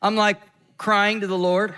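A man with a high, smooth voice preaches a sermon in an animated, conversational style, peppering it with "right?" and "like." He slows down when reading scripture and speeds up for quick asides.

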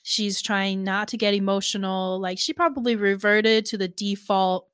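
A woman breaks down a drama episode with a friend, animated and swearing freely. Her voice sits mid-range and she laughs often. The recording is close and dry. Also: medium pitch, moderate pace, clean tone, no room sound. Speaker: show recap co-host. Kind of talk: casual chat.

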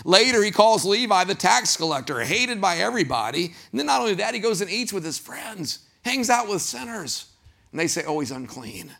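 A man preaching a sermon as pastor, animated, acting out quoted voices and putting questions to the congregation. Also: high-pitched, a little fast, creaky.

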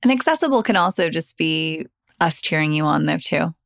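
A woman host with a notably low voice and a gravelly fry, talking in a casual, supportive way. The sound is dry and close. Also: expressive, moderate pace, no room sound. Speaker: podcast host. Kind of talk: casual interview chat.

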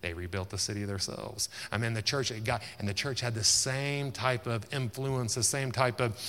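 Bright-voiced male preacher in a reverberant hall. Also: mid-range voice, moderate pace. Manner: emphatic, repetitive, rising to exclamations. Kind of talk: sermon.

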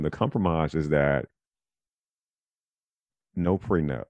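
Deep voiced guy hosting a podcast, rambles and thinks out loud, casual. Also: moderate pace, no room sound, lo-fi sound. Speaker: podcast host.

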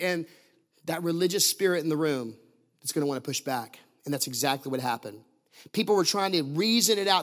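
A man with a high-pitched voice delivers a sermon as the pastor. He preaches emphatically, leaning on repetition and strings of rhetorical questions aimed at the congregation. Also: a bit bright.

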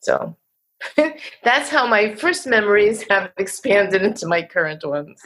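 A woman with a New Jersey accent, a poet and teacher, talking thoughtfully in an interview and laughing softly now and then. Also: medium pitch, animated, measured pace. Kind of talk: reflective interview conversation.

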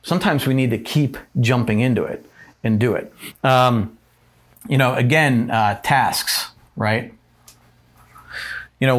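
Casual rambling man teaching a lesson. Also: mid-range voice. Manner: casual and rambling, many fillers and tag questions. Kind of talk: informal talk on growth and pain, writing on a board.

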